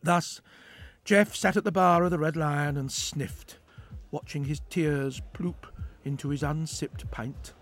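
A man narrating a story aloud, reading in an expressive way. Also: a little high, takes it slowly, soft background music.

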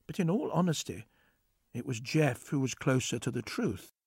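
Male narrator, expressive story reading, lively pitch, dry sound. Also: normal speed, vocal fry, breathy edge, no room sound. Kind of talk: storytelling read-aloud.

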